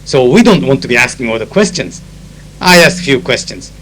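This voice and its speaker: A man's voice: medium pitch, big pitch swings, moderate pace, a bit bright, poor audio. A man with a Japanese accent, a conference interpreter, chatting through anecdotes with many fillers. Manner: switches into Japanese to explain phrases. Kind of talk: recorded spoken diary. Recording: old tape with faint hum.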